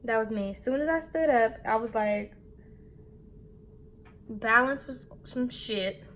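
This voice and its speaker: A young woman in her twenties telling a candid, animated story about her own mistake while getting ready, swearing casually. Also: fairly high pitch, takes it slowly, a little hiss or hum. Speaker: beauty vlogger.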